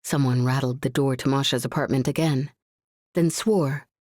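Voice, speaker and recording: A woman narrating a suspenseful science fiction audiobook in a measured, tense reading. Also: a bass voice, fairly even intonation, a little mellow, no room sound, clean studio sound.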